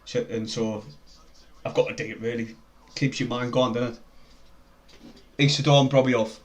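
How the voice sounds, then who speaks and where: A young man with a broad North East English accent commentates on a football match live for his viewers. He talks in a loose, chatty way, gets excited about the play and reads out viewers' names. His voice sits at an ordinary, middle pitch. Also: moderate pace. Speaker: fan live-streamer.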